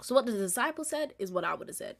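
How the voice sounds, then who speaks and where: A woman in her twenties hosting a casual solo podcast, telling stories with animated, acted-out reactions and frequent laughs. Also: fairly high pitch, fast. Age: 20s. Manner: animated storytelling, acts out reactions, laughs often. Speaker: podcast host.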